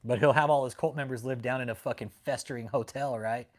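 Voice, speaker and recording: A man's voice: medium pitch, steady tone, quick pace. A man hosting a casual livestream, talking bluntly and profanely and greeting viewers in the chat. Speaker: livestream host.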